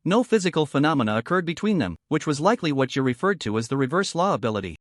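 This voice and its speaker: A man's voice: a little high, dry recording, clean studio sound. A man narrating a story recap in scripted storytelling style. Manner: storytelling recap of a translated web novel.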